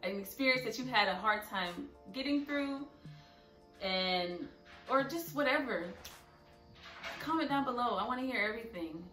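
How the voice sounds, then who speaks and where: A woman's voice: fairly high pitch, lively intonation, moderate pace, long pauses. A young woman speaking earnestly and openly emotional in a personal vlog. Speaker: vlogger. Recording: echoey room, a bit far from mic, soft music.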